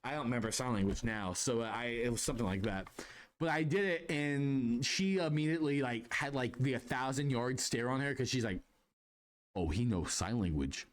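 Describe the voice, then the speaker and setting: A young man hosting a podcast, telling job anecdotes in a rambling, animated way with lots of restarts. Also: mid-range voice, normal speed. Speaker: podcast host. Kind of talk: casual storytelling monologue.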